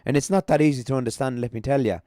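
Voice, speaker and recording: A man's voice: mid-range voice, racing, dark tone, no echo, clean studio sound, voice pushed up, close to an everyday voice. A man putting on a southern Irish accent, rambling teasingly in mock storytelling. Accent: Irish put-on.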